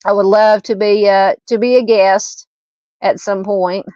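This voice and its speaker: A woman's voice: mid-range voice, level tone, measured pace, mellow, dry recording, dull audio. A woman with a Southern accent hosting a true crime livestream, chatting casually, reading viewer comments and thanking them, with many fillers and laughs.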